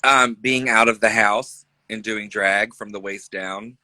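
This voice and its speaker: A man's voice: fairly low pitch, fairly even intonation, a little slow, sharp tone, dry recording, poor audio. A man in his thirties, a drag performer chatting casually on a livestream, joking and laughing often. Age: 30s.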